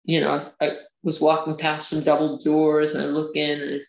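Guest: woman, gravelly voice, halting delivery, roomy echo. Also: deep voice, completely flat delivery. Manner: hesitant, many restarts and fillers. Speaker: interview guest. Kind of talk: casual recounting of personal experiences.

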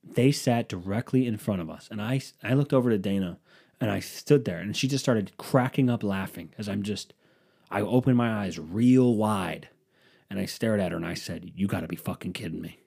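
A man casually telling a profane, sarcastic story and acting out what others said in quick impressions. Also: on the low side, gravelly, darkish tone. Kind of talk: casual storytelling with acted-out quotes.

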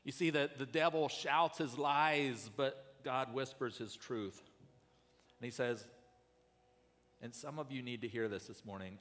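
A male pastor preaching a sermon in an earnest way, rising loud and then dropping soft. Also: mid-range voice, measured pace, long reverb tail.

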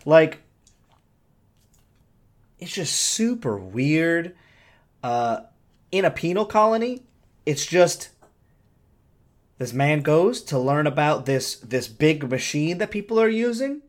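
A man's voice: on the high side, sing-song, slow, long pauses. Rambling young man chatting about books. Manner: rambling, many fillers and swearing. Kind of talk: casual book chat.

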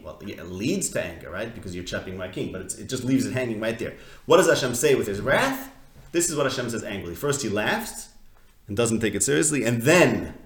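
A man leads a casual text study class. He keeps posing questions and restarting his sentences as he thinks aloud. His voice sits at an ordinary pitch and carries a noticeable echo from the room. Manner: conversational, questioning, full of restarts and fillers. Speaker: Torah teacher. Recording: echoey room.

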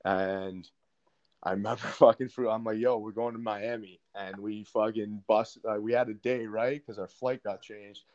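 A man's voice: fairly low pitch, fairly even intonation, normal speed, darkish tone, no echo. A young man, a podcast guest, telling a story casually with lots of swearing and fillers. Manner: profane, many fillers. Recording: dry, slightly dull sound.

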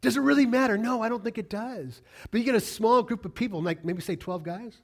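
A pastor preaches an animated sermon at a slightly fast pace, packed with rhetorical questions. He swings between loud, emphatic lines and quiet, low asides.

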